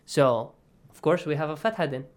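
A man's voice: a little high, animated, normal speed. A man teaching Quran recitation rules in a lesson, explaining patiently and checking understanding often. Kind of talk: online tajweed lesson.

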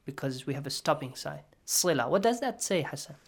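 Soft-spoken man teaching Quran recitation. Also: a little high, animated, brisk, vocal fry, breathy edge. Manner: patient, checks understanding with frequent "okay?"; drops to near-whisper asides between recited phrases. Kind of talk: classroom tajweed lesson.

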